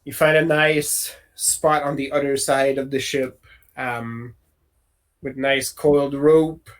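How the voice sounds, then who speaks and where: A man narrating a tabletop role-playing game as game master, relaxed and rambling with lots of fillers. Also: medium pitch, takes it slowly.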